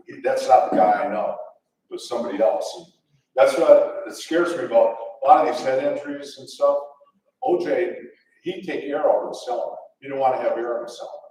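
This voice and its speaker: An older Detroit-area man, fairly quick and dark-toned in a mid-range voice, tells chuckling, wandering football stories to people at a luncheon. He restarts a lot, and the distant mic catches the echo of the event hall.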